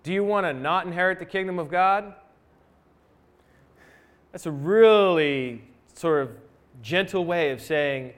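A man's voice: sits high, normal speed, a bit bright. A male pastor preaching a sermon in a church, conversational, with rhetorical questions and asides to the congregation. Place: church sanctuary.

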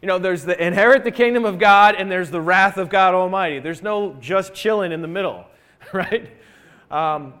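Man, pastor, high-pitched voice, conversational sermon, rhetorical questions, church. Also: normal speed, fairly bright tone, smooth. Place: church sanctuary.

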